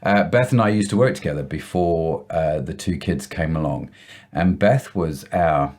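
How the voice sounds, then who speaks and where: A man with an extremely low voice hosts a podcast over a video call at a moderate pace. The chat is casual, full of warm, joking banter and lots of "uh" hesitations.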